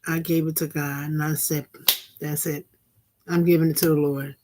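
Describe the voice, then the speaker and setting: A woman's voice: deep voice, level tone, normal speed, background noise. A middle-aged woman hosting a casual live vlog, preaching in a loose, repetitive way and laughing now and then. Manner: preachy, repeats phrases for emphasis, laughs at things. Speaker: vlog host and minister. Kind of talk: casual live-stream commentary.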